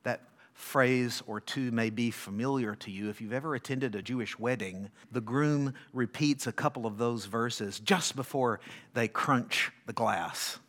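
A male pastor preaching a sermon, reading scripture dramatically and swinging between loud declarations and hushed asides while questioning his congregation. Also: medium pitch, a little slow.

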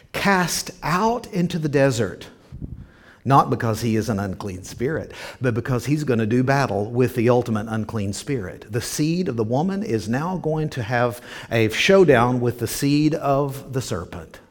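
A man preaching a sermon, animated, acting out the people he quotes. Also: medium pitch. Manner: animated, acts out quoted voices. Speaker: pastor.

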